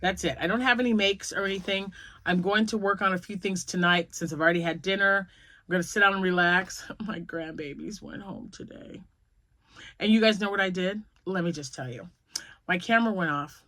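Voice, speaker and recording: Woman in her 50s just chatting away at home, rambly storyteller, laughs a lot, middle pitch. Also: a little fast, pushed and bright, no room sound. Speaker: crochet vlogger. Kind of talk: casual chatty vlog.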